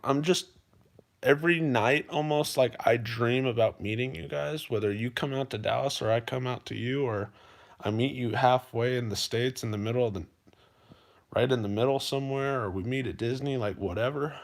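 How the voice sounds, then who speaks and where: A man's voice: mid-range voice, normal speed. A man livestreaming to his viewers, talking earnestly and emotionally, repeating himself and often calling them "you guys". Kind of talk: heartfelt livestream monologue.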